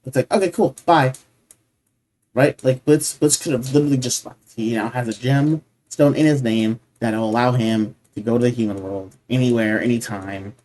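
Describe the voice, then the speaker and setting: A man hosting a reaction video talks through his thoughts in an earnest, casual way. His pitch is ordinary for a man. He restarts sentences as he thinks and keeps checking in with "right?". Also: a little mellow. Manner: earnest, repeats "right?" often.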